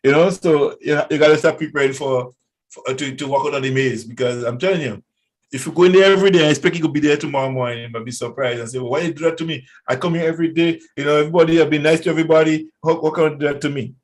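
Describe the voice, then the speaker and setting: A man's voice: a little high, fairly even intonation, very fast, poor audio. A man, a guest speaking earnestly in a casual radio interview. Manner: earnest, warning tone.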